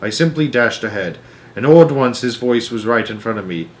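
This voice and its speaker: Storytime host, man, hushed dramatic read-aloud, mid-pitched voice. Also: lively intonation, fairly quick. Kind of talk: reading a children's book aloud.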